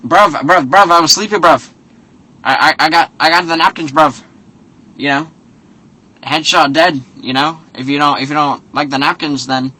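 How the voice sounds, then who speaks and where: A sleepy, petulant young fighter whines in a raised, bright voice and keeps tossing in "bruv" between sulky excuses, as a man puts him on. He sounds higher and louder than a plain talking voice. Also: moderate pace, poor audio. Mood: whiny. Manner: whiny, repeats "bruv" constantly.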